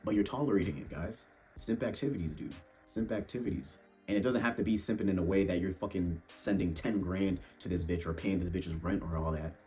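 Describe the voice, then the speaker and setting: A young man with a very deep, low voice delivers blunt, swear-filled dating advice in a casual monologue. He keeps addressing the listener as bro. Faint music plays underneath. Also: brisk, a little mellow. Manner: blunt, profane, calls viewers bro. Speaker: fitness and dating vlogger.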